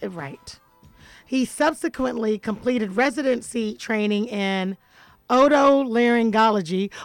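A woman's voice: a little high, measured pace, dry recording, soft background music, poor audio. A woman hosting a radio show in a studio, chatting casually and playfully, joking and laughing often.

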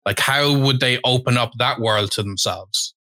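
A man hosting a casual interview who asks curious questions and fills his pauses with uhs and ums. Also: medium pitch, bright, forceful tone, dry recording. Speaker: host.

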